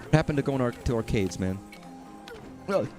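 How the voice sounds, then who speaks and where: A man's voice: mid-range voice, animated, brisk, over music. A man from Texas streaming, rambling casually, joking and swearing as he talks.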